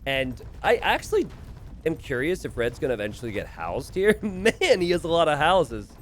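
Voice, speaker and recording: Lively male strategy game caster. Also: a little high, moderate pace, slight background noise. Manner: animated, chuckling, calls out to players. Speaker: game commentator. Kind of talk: casting a recorded strategy game match.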